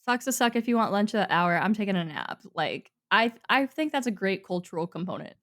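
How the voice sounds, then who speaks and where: A woman's voice: mid-range voice, very animated, fairly quick, a bit bright. A young adult woman co-hosting a podcast in casual chat, rambling and chatty with many fillers. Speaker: podcast co-host.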